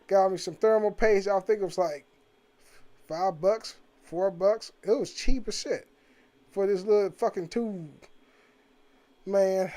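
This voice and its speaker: A man's voice: high voice, a little mellow. A man vlogging from home about old games in a casual, profane, rambling way, laughing often. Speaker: gaming vlogger.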